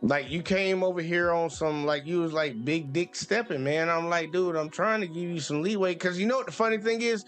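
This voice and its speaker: A man's voice: a little high, a little fast, hardly any pauses, a bit bright, soft background music. A male host arguing bluntly with a caller on a call-in show, profane and talking over him. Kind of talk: heated call-in debate.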